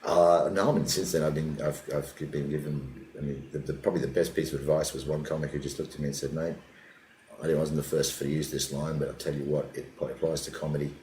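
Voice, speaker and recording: An older man with an extremely deep, low voice, telling animated stories and sometimes dropping to a muttering aside. The room is echoey and has a faint hum of ambience behind him. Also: fast talker. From Australia. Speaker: comedian guest. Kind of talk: casual interview storytelling.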